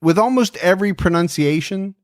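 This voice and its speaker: A man's voice: high voice, a little fast, dry recording, studio quality. A man co-hosting a podcast, chatting casually in joking, self-deprecating banter. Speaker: podcast co-host. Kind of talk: casual chat.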